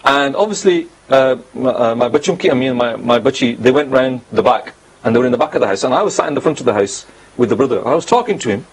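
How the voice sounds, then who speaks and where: A man's voice: mid-range voice, animated, fast talker, breathy edge, rough recording. A man hosting a religious talk show, speaking earnestly and stressing points by repeating them. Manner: earnest, storytelling with repeated emphasis.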